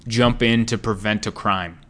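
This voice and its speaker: A man's voice: fairly low pitch, steady tone, unhurried, a bit bright. A man hosting a podcast, talking in a casual, rambling monologue that drifts off topic with wry, self-deprecating humor.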